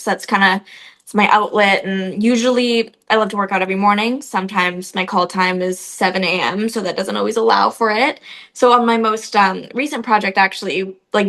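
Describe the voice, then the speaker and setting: A woman's voice: mid-range voice, fairly bright tone. Chatty young woman telling stories. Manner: chatty storytelling, frequent "like" fillers. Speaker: actress, guest. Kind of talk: casual interview chat.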